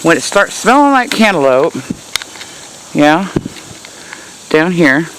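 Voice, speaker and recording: A woman's voice: lowish voice, very animated, slow, a little hiss or hum, poor audio. Folksy woman touring her garden. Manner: chatty, folksy, laughing at herself. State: hot and sweaty. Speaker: gardening vlogger. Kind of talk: casual garden tour. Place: outdoor backyard garden.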